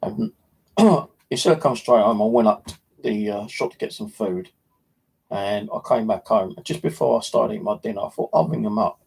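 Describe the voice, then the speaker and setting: A man talks in a loose, rambling vlog style, full of fillers and slang. His voice sits low and gravelly, with a husky edge. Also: animated, normal speed, a little mellow, rough recording. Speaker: metal detecting vlogger. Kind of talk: casual storytelling to camera.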